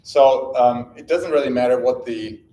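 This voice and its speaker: A man's voice: medium pitch, normal speed, mellow, a little hiss or hum. A man from Germany, giving a live conference talk in a casual, self-correcting way with many fillers. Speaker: conference speaker. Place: conference room. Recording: echoey conference room.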